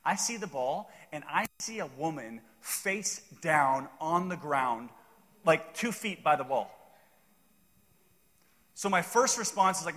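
A man preaching a sermon, telling a joking story in an animated way. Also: high voice, measured pace, long reverb tail. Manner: animated, jokey storyteller with playful asides. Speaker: pastor.

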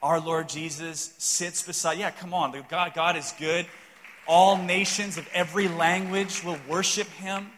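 A man preaching a sermon, telling a joking story in an animated way. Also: fairly high pitch, unhurried, big-room sound, a little hiss or hum. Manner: animated, jokey storyteller with playful asides. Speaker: pastor.

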